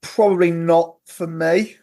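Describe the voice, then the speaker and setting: A man's voice: a little high, steady tone, unhurried, dark tone. A man in casual podcast chat, telling funny stories as a football-fan guest and laughing at his own tales. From England.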